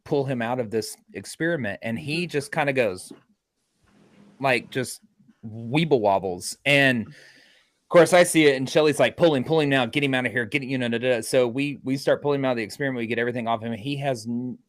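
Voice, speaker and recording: A man recounts an investigation in a lively storytelling way, acting out every quoted line. His voice sits at an ordinary middle pitch for a man. The recording is dry and close, with no room sound. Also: fairly quick, dry recording. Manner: acts out quoted lines with lively energy. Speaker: paranormal investigator. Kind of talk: animated storytelling on a podcast.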